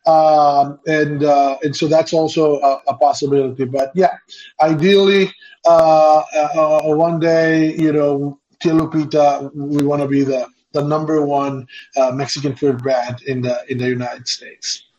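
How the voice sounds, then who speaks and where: A man's voice: fairly high pitch, flat delivery, a little slow, a little mellow. A man being interviewed over a video call as an entrepreneur guest, talking casually with many fillers and restarts. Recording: dull lo-fi audio.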